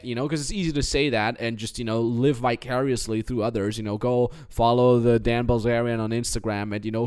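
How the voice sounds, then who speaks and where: A young man talks on a podcast in a loose, lively way. He tells motivational stories and slips into exaggerated voices when he quotes other people, at a middle pitch. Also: brisk, few pauses, clean tone. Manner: animated storyteller, jumps into high mocking voices when quoting. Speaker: podcast co-host. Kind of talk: casual motivational chat.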